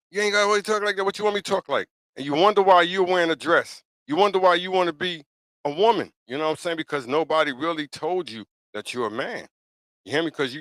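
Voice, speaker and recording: A man with a fairly high pitch and fairly bright tone hosts a podcast, recorded without any room sound. He delivers a casual opinion monologue bluntly and emphatically, repeating himself and often saying "you know what I'm saying."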